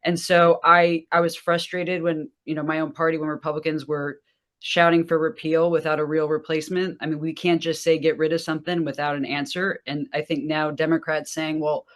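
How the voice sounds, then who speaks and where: A woman's voice: low voice, flat delivery, a little fast. A woman political strategist giving an earnest opinion as a panel guest. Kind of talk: panel discussion.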